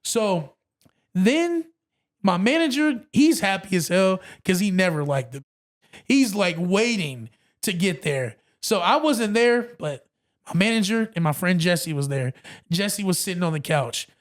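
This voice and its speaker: A man guest on a podcast, telling a story in a casual, animated way and acting out what others said. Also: high-pitched, a little slow. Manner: animated, acts out quotes, says bro a lot.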